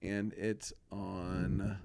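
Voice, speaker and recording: A man co-hosting a comedy podcast, chiming in with quick jokes and banter. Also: sits low, little pitch movement, vocal fry, darkish tone. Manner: quick joking interjections. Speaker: podcast co-host.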